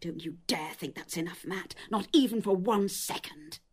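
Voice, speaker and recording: A hurt, probing wife. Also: female voice, mid-range voice, big pitch swings, a little fast. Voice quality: probing, insistent. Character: hurt, probing middle-aged wife, sharp and insistent. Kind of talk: radio drama acting.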